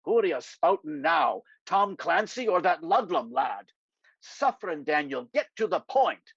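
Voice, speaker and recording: A man voicing a dry-witted older politician, gruff and sardonic. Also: high voice, big pitch swings, unhurried, dry recording, exaggerated voice. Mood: wry, teasing. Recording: dry, slightly dull lo-fi sound.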